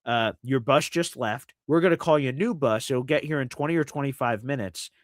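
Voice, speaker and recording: A matter-of-fact team employee, as a man puts him on, explaining the next steps in a flat, steady way. His voice is a bit quieter than the teller's own talk. The sound is dry and close. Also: medium pitch, fairly quick, dry recording, close to an everyday voice.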